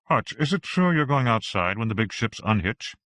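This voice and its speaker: A man's voice: mid-range voice, very animated, moderate pace, a bit bright, no echo. A man narrating an audiobook, voicing an eager, insistent male passenger.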